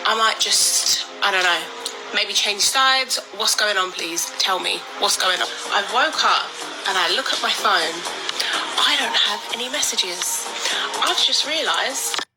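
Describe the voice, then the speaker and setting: A woman's voice: medium pitch, expressive, measured pace, low-quality recording. A woman in her twenties venting in an exasperated, pleading way. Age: 20s. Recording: talk over background music.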